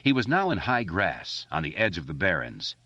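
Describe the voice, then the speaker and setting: Audiobook narrator, male, very low, animated reading, dry dull recording. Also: moderate pace, dry recording. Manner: expressive, steady reading. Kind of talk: scripted narration.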